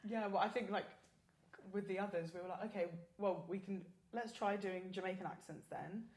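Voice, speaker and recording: A woman chatting as a guest performer, easygoing and hesitant, with many pauses and ums. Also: mid-range voice, fairly even intonation, darkish tone. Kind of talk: casual podcast chat. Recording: echoey room.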